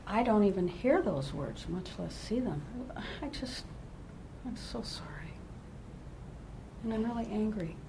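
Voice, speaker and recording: Woman playing an upset older neighbor, rumbling background. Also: lively intonation, a little slow, gravelly, pauses often, noisy background. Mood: distressed. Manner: emotional, high-strung, pleading. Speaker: neighbor in a mediation. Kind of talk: role-played mediation.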